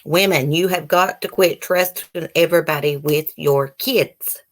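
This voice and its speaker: A woman's voice: low-pitched, unhurried. A woman hosting a live stream. She reads news articles aloud and breaks off into heated, indignant commentary and casual chat with viewers. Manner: chats directly with live viewers, casual and rambling. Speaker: channel host.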